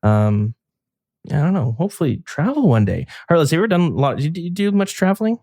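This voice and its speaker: A man's voice: a little high, big pitch swings, fast, a little mellow, dry recording, clean studio sound. A man co-hosting a podcast in casual chat, rambling and restarting his sentences as he tells stories. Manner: rambling, chatty, frequent restarts and fillers. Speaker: podcast co-host.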